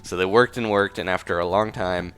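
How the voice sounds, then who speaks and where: A man's voice: low-pitched, fairly quick, a bit bright, smooth. A man casually improvising a story over gameplay, rambling with fillers and side comments. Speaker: gaming video creator. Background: faint music.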